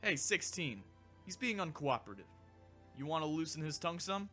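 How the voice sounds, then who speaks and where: A man's voice: a little high, very animated, moderate pace, faint music behind, voice pushed up. A man voicing a cocky, hot-tempered young male android in a fan audiobook, raising his voice to snarl. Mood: smug. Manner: smug, then shouting and snarling.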